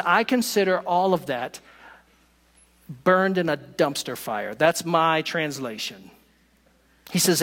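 A male pastor preaching a sermon, slowing down and lifting his voice for emphasis. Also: fairly high pitch. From not from West Virginia. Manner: expressive preaching, slows for emphasis. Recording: long hall reverb.

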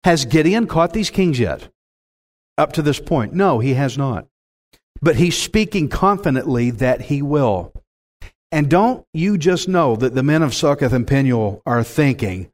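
A man's voice: mid-range voice, expressive, unhurried, darkish tone. A man preaching a sermon, with dramatic swings and calls to the congregation. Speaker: pastor.

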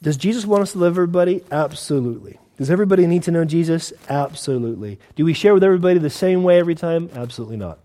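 A man's voice: on the high side, lively intonation, rapid-fire, few pauses, mellow, long reverb tail. A man with an American accent preaching a sermon as pastor, in a conversational way with rhetorical questions and repeated words. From United States.

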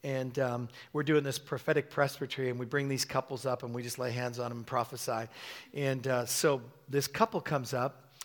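A man's voice: mid-range voice, moderate pace. A middle-aged male pastor preaching a sermon with stories, calling out to the congregation, with many fillers and restarts. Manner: animated, call-and-response, many fillers and restarts.

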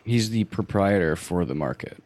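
A man's voice: sits low, expressive, moderate pace, a little mellow. A man playing a character in a tabletop game, playful and laughing. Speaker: player. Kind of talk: tabletop role-play.

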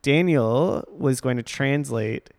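Chatty man with a gravelly voice. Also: mid-range voice, takes it slowly, darkish tone. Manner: chatty, laughs often, teasing. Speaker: wedding planner and podcast host. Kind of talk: casual podcast chat.

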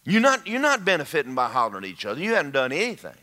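Male pastor, lively preaching delivery, bright and forceful, slightly high. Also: rapid-fire. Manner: animated, emphatic, calls out to the congregation. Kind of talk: sermon.

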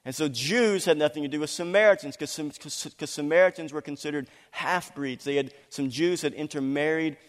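A man's voice: fairly high pitch, a little fast, few pauses. Preaching man in an echoing hall. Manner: animated, acts out voices in quotes, laughs often. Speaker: pastor. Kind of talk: sermon. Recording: long hall reverb.

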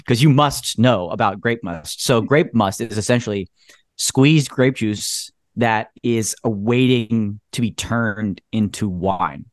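On a casual podcast, a male co-host describes a beer, cracking jokes, making puns, and laughing often. His voice is fairly low and slow, captured in studio quality with no echo.

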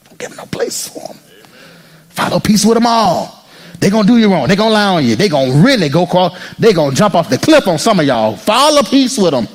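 Male pastor, sermon, animated, teasing, high-pitched, very lively delivery. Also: brisk. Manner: animated preaching, acts out congregants' inner voices; jokes and teases the congregation.

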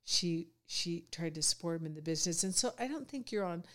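A woman in her fifties, a podcast guest, talking reflectively in a casual conversation and often pausing with fillers. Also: on the low side, lively intonation, fairly bright tone. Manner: reflective, many fillers and restarts.

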